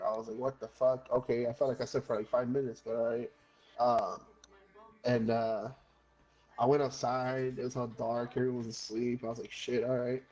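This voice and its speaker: A man's voice: medium pitch, a little mellow, low-quality recording. Rambling, cursing gamer man telling a story. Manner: rambling, swears often, slips into Spanish phrases. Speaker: gamer chatting with friends. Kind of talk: casual storytelling chat.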